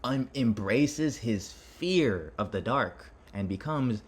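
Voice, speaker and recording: A husky, mid-range male voice with lively intonation takes its time in this heartfelt monologue. The self-improvement vlogger addresses viewers head-on, dramatic and rambling, frequently restarting what he's saying.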